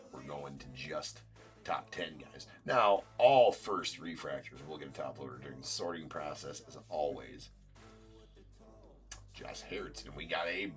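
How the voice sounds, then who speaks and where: A very deep-voiced man runs a live card break stream, reading off long lists of teams and names. His pitch swings freely as he chats and jokes with the viewers. Faint music plays behind him. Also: a bit bright. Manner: chatty, rattles off team and name lists, jokes with viewers.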